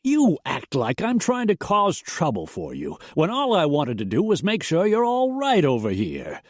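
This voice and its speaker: Male narrator putting on a beefy middle-aged rancher, high-pitched and blustering, in an audiobook. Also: wildly swooping pitch, moderate pace, no echo, studio quality. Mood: indignant. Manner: loud, strained, pleading.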